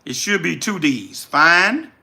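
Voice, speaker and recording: Bright, lively Louisiana man hosting a livestream. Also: fairly high pitch, takes it slowly, creaky. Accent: Southern US, Louisiana. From South Louisiana. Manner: energetic, reads chat names aloud, preacherly repetition. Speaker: livestream host, business coach. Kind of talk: casual livestream chat.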